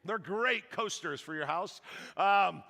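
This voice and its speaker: A man preaching a sermon as a pastor, telling a story in an animated, joking way and acting out the lines of the people in it. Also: high voice, takes it slowly, vocal fry. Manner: animated, joking, acts out quotes. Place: church hall. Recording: long reverb of a large hall.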